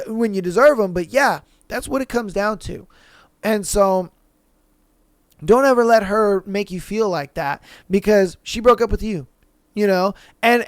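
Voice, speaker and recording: Young male podcast host, high-pitched, smooth voice; blunt, heated, profane commentary. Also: dry recording, studio quality. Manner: blunt, profane, heated, addresses listener as bro. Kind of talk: casual reaction commentary.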